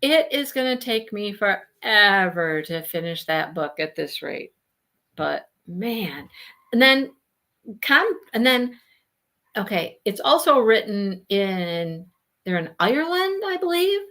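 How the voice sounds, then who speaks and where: A woman chats casually about books on a live show, her pitch swinging up and down with a lot of life. She talks in a loose, friendly way and laughs easily. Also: slow pace. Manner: chatty, laughing, animated. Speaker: book discussion host.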